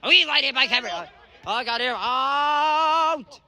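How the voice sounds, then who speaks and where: Man, high voice, bright tone, measured pace, live amateur soccer play-by-play full of shouted calls. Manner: excitable, frequent shouted calls and exclamations. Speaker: amateur match commentator. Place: indoor soccer stadium.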